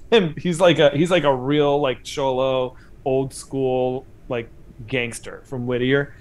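A man's voice: mid-range voice, steady tone, slow pace. Male comedy stream host, casual, rambling, filler-heavy, medium voice. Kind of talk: casual livestream chat.

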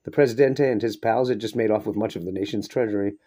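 A man reads a short story aloud at a steady, measured pace. His voice sits low, with a dark, mellow tone. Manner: steady, measured reading with brief asides. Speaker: reader. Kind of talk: audiobook narration of a short story.

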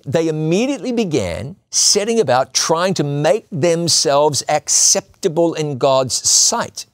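A man preaching a sermon in an emphatic way, repeating lines for stress and slowing on key words. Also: a little high, no room sound, studio quality.

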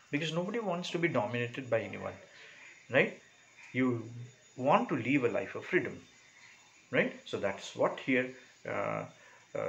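A male English teacher explaining a short story to a class, talking through it slowly, asking "right?" after each point and filling pauses with "uh". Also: mid-range voice, creaky, fairly bright tone, a little hiss or hum, low-quality recording. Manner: explanatory, checks in with "right?" and many "uh" fillers.

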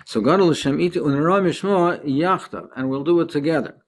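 A man's voice: fairly high pitch, brisk. A man, a rabbi, giving a daily Talmud lesson. He reads each phrase of the text, then explains it in plain words, and his voice rises and falls sharply for emphasis.

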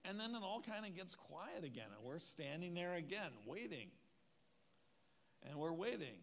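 A man's voice: high-pitched, sing-song, normal speed, gravelly, slight background noise. A man preaching at a church conference, telling a personal story with wry, self-mocking humor. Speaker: conference speaker. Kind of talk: storytelling sermon.

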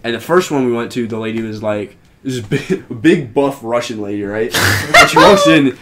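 A man's voice: medium pitch, lively intonation, moderate pace, very noisy. A young man co-hosting a podcast, telling a long story in casual chat and filling it with "like". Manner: rambling, heavy use of "like" fillers. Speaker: podcast co-host.

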